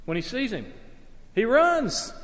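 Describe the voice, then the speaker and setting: A man's voice: extremely high pitch, huge pitch swings, slow pace, a bit bright. A man preaching a sermon, earnest and emphatic, pressing hard on his key points. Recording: long reverb of a large hall.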